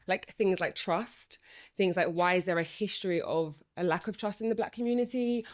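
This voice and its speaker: A former student turned Parliament worker speaks a little fast, her low voice holding a fairly even intonation. She stammers, yet talks with passion on a conversational podcast, thinking out loud with repeated restarts and filler noises.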